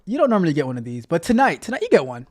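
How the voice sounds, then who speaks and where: A man's voice: a little high, huge pitch swings, very fast. A man hosting a casual tech livestream, chatting with viewers in a playful, repetitive, motivational way. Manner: playful, repeats himself a lot. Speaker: tech coach livestream host.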